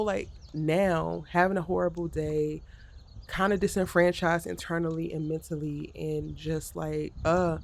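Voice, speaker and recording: Speaking frankly to the camera in her vlog, a woman content creator vents about the pressures of her day. Her voice is deep with noticeable vocal fry, and the talk is a candid monologue.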